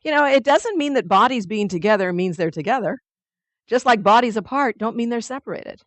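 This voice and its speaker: A woman teaches her weekly spiritual study group in a lively, conversational voice that she sets a little on the high side. She keeps things playful and chatty as she explains the lesson. The sound is dry and close, with no room echo. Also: fairly quick.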